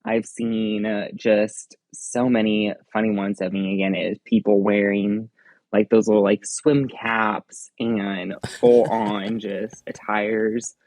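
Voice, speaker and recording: Low-voiced man rambling through a story. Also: level tone, slow pace, darkish tone, no echo. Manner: rambling, leans on fillers like "again" and "like". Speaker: theme park ride operator guest. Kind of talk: casual storytelling in an interview.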